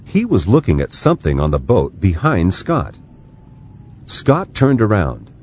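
Slow, deep-voiced male storyteller. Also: huge pitch swings, a little mellow, slight background noise. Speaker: narrator. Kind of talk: audiobook narration.

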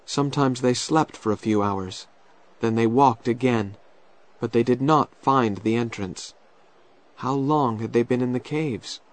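A man narrating a children's storybook in a slow, clear and expressive way. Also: mid-range voice.

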